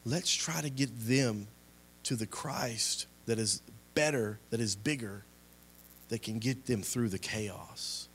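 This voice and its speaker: A man's voice: medium pitch, slow pace, slight background noise. Impassioned young man preaching a sermon. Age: young adult. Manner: impassioned, rising and falling in volume, repetitive exhortations. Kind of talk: sermon with closing prayer.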